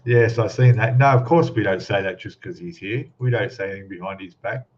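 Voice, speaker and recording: A man's voice: on the low side, moderate pace, darkish tone. A man hosting a casual live stream, chatting and greeting viewers one by one by name. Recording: slightly dull lo-fi sound.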